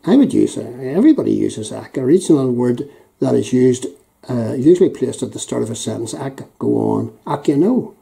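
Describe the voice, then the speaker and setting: An older man with a Northern Irish Belfast accent, chatting casually as a YouTube host while reading out local phrases, chuckling often and filling pauses with ums and uhs. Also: mid-range voice, big pitch swings, gravelly, mellow, low-quality recording. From Northern Ireland.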